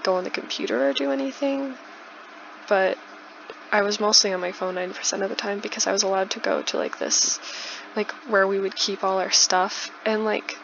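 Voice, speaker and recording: A young woman in her twenties, a YouTuber, tells a casual storytime while playing a building game, chatting with lots of "likes" and restarts. Her medium-pitched voice has vocal fry and a fairly bright tone, and the lo-fi audio is dull with faint noise.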